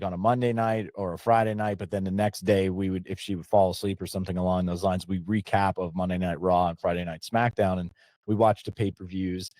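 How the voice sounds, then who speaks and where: A man's voice: low voice, a little mellow, no room sound. A man hosting a podcast, chatting casually and rambling through a long story with lots of restarts. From Pennsylvania. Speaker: podcast host.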